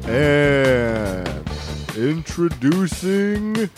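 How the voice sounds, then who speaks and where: A man playing a pompous boxing-ring announcer, stretching his words out and booming. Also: big pitch swings, very slow, loud music behind the voice, exaggerated voice. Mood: hyping.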